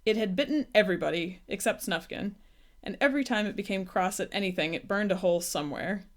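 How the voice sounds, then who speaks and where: A woman reads a children's storybook aloud, gentle and unhurried. Her voice sits at a mid pitch and moves evenly from line to line. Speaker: storybook reader. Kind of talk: reading a children's book aloud.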